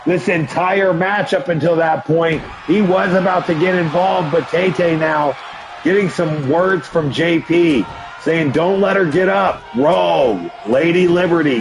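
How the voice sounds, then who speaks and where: A man hosting a live stream, calling play-by-play for a wrestling video game in an excitable, often shouting way, with chatty asides to viewers. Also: high-pitched, background noise. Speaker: livestream host and commentator.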